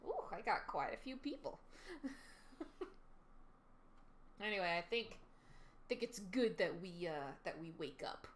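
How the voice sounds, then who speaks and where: A woman's voice: lowish voice, very animated, measured pace, long pauses, a little hiss or hum. A woman streaming a game live, chatting with viewers and reading the story text aloud in a chatty, giggly way.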